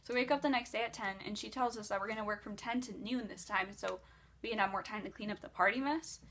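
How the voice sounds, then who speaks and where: A woman's voice: medium pitch, fast talker, fairly bright tone, a little hiss or hum. A woman vlogger casually telling a long dream story, rambling with lots of "like".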